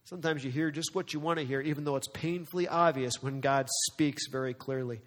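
A male pastor preaching a dramatic, emphatic sermon full of rhetorical questions, slowing down for weighty lines and speeding up for asides. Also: fairly high pitch, steady tone, long reverb tail. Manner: swings between slow weighty phrasing and quick asides.

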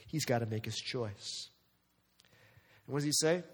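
A male pastor preaching a dramatic, emphatic sermon full of rhetorical questions, slowing down for weighty lines and speeding up for asides. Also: medium pitch, in a large hall. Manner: swings between slow weighty phrasing and quick asides.

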